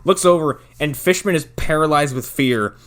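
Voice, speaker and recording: A man's voice: a little high, moderate pace, fairly bright tone. A man co-hosting a podcast, chatting casually with joking, profane banter. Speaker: podcast co-host.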